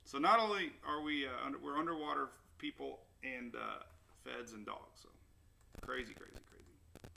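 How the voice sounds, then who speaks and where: A man's voice: mid-range voice, moderate pace, creaky, bright, forceful tone, slight background noise. A man hosting a casual weather livestream, rambling and upbeat as he chats with viewers. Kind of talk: casual live-stream chat. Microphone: new desktop microphone.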